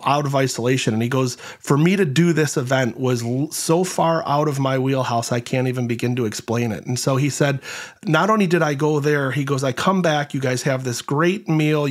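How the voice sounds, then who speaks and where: A man hosting an interview, retelling a veteran's story at length with quoted lines and frequent fillers. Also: medium pitch. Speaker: host and nonprofit organizer.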